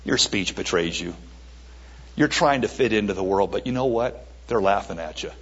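A man preaching a sermon in a church service and giving an altar call, speaking emphatically with dramatic pauses and repeated words. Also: lowish voice, animated, slightly rough, muffled recording.

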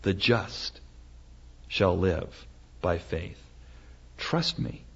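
A man voicing God as a calm, reassuring presence, speaking slowly and softly. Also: low voice, gravelly, slightly rough, muffled recording, voice pushed down, full character voice. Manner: slow, hushed, reassuring.

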